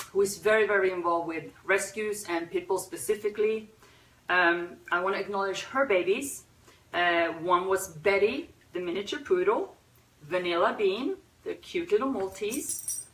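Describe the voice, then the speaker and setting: A woman hosting a pet memorial livestream, talking unscripted in a teary, soft-hearted way with sighs and pauses. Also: medium pitch. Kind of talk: unscripted emotional talk. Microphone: phone or webcam. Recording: roomy echo, a bit far from the mic.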